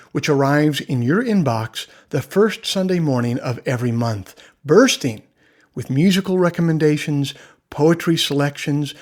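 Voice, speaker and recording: A man's voice: fairly high pitch, darkish tone. Man reading a playful podcast ad. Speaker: podcast host. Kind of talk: scripted ad read.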